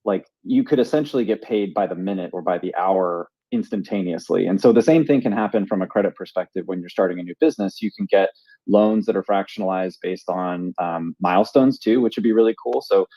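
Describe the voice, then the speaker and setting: A man's voice: deep voice, a little fast, warm tone, slightly rough, dry recording. A man co-hosting a casual podcast chat, rambling with fillers and restarts. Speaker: podcast co-host.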